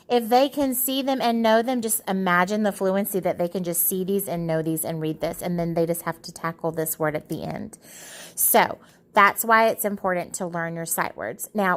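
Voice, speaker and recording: A woman teacher guides parents through how children learn to read. She explains patiently and slows down to sound out letters and short words as examples. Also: fairly low pitch, a bit bright. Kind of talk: phonics lesson for parents.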